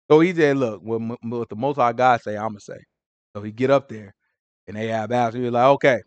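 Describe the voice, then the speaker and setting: A man's voice: medium pitch, brisk, dry recording. A man leading a casual Bible study, retelling scripture in slang and acting out the characters' lines. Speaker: Bible teacher.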